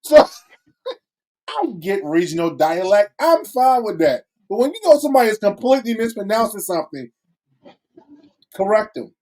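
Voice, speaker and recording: A man with a Baltimore accent co-hosting a podcast, telling stories in an animated, teasing way. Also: high-pitched, normal speed, pauses often. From Baltimore, USA. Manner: animated storyteller, teasing and laughing. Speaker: podcast co-host. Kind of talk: casual podcast chat.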